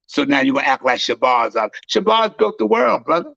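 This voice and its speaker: Gravelly, fiery preaching man. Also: medium pitch, big pitch swings, fairly quick, no room sound, lo-fi sound. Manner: emphatic, repetitive, bursts into shouting. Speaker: self-styled high priest preacher. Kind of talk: fiery street-style preaching.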